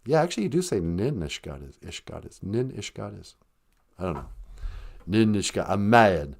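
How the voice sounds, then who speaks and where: A man hosting a comedic podcast, teaching a few words of a language in a relaxed, joking way. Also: fairly low pitch, moderate pace, creaky.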